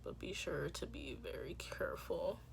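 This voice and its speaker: Chatty young woman, lively low voice. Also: moderate pace, gravelly. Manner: chatty, joking, talks to viewers as y'all, drops into soft whispers. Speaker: beauty vlogger. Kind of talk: casual makeup tutorial chat.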